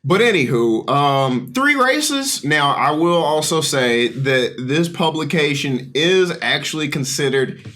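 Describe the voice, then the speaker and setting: Guy hosting a jokey podcast, kinda high animated voice, stumbles over his words a lot. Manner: halting, repeats words, leads the topic. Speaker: podcast co-host. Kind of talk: casual comedic podcast chat.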